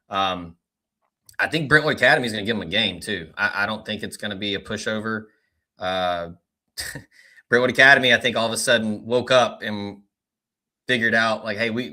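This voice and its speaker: A man guesting on a sports podcast as a recruiting analyst, talking in relaxed, filler-heavy casual chat. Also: fairly low pitch.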